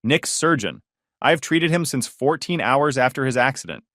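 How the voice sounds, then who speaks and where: A man voices a cold, clinical surgeon in a storytelling read, speaking in a measured, factual way. The sound is dry and close. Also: mid-range voice, expressive, a bit bright, dry recording, natural voice. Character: calm, clinical male orthopedic surgeon.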